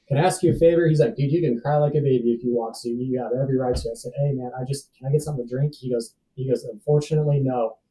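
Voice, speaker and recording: Guy telling his story on a podcast, super dark mellow voice, kinda off mic, lots of dude and man. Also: medium pitch, distant mic, poor audio. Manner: laid-back, acts out dialogue, says "dude" and "man" often. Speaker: podcast guest. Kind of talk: casual personal storytelling.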